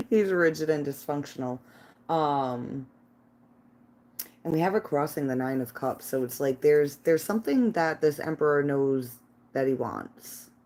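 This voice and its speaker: A woman's voice: deep voice, animated, takes it slowly, pauses often, warm tone. A woman doing a casual tarot reading live from her living room, chatty and laughing, talking to her cat and viewers through a phone. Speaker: tarot reader livestreaming. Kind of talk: casual livestream chat.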